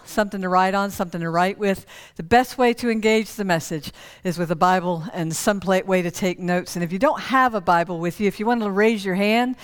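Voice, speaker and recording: A woman pastor preaching a sermon in church, telling a story with many restarts and rising excitement. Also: a little high, clean tone. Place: church sanctuary.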